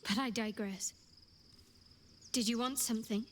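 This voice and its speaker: An actress playing a guarded former cleric in a video game, speaking in a cool, measured way. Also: female voice, fairly high pitch, steady tone, slight background noise, natural voice. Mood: resolute.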